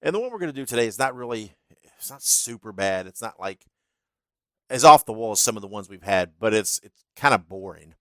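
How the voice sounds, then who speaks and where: A man's voice: fairly low pitch, expressive, fairly quick, a bit bright, no room sound. A man hosting a podcast, telling stories casually with laughs and plenty of fillers. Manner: chatty, laughs through his stories, filler-heavy. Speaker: podcast host.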